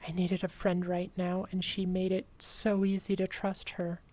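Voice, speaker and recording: A woman's voice: lowish voice, completely flat delivery, darkish tone. A woman streamer reading a creepy first-person horror story aloud, dramatic and at times whispering. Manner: slow, dramatic, dropping to whispers.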